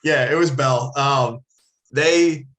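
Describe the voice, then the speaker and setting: A man's voice: mid-range voice, takes it slowly, a bit bright. A man from the Philadelphia area, casually telling a long story as a podcast co-host, rambling, swearing and correcting himself as he goes. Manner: rambling, profane, self-correcting. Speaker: podcast co-host, former ballplayer.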